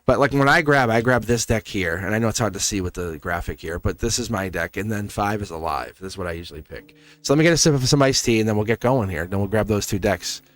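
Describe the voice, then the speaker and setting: A man's voice: on the low side, fast, a bit bright. A man hosting a live tarot stream, talking casually and encouragingly to his chat with frequent laughs. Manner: rambling, encouraging, laughs often; talks straight to chat viewers.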